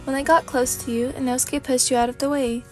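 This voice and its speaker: A woman narrating a fanfic as a sleepy ASMR reading, in a calm, steady storybook manner. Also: high voice, brisk, soft background music.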